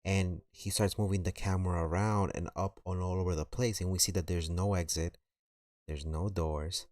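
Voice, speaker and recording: A man's voice: sits low, a little mellow, no echo, clean studio sound. A man telling a story on a live stream in a rambling, slangy way, full of fillers.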